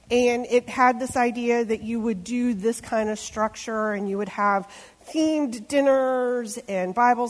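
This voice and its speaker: A woman pastor preaching a sermon, telling a story and acting out voices, sometimes dropping to a hushed tone. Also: a little high. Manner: storytelling, acts out voices, drops to hushed tones. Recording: long hall reverb.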